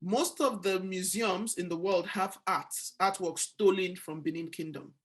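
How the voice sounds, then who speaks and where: Animated Nigerian woman hosting a book talk. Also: lowish voice, a little slow. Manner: animated storyteller, acts out quoted exchanges. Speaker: book club host. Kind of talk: casual book discussion.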